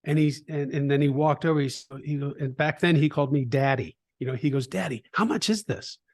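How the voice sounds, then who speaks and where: A middle-aged man in a conversational interview, an animated storyteller who acts out quoted voices, with frequent restarts. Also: mid-range voice, a little fast. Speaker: trading educator, guest.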